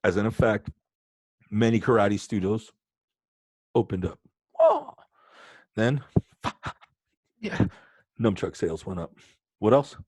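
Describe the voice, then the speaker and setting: A male teacher with a lowish voice runs a lesson, joking around and talking right to his students. The sound is close and dry, with no room echo. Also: takes it slowly, long pauses, slightly rough. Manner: joking, animated, talks to students directly. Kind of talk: playful online lesson.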